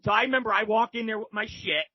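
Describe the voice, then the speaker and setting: A man's voice: sits high, fairly even intonation, fast, no echo, lo-fi sound. A man guest telling a story casually and animatedly, swearing freely and acting out other people's lines. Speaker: podcast guest.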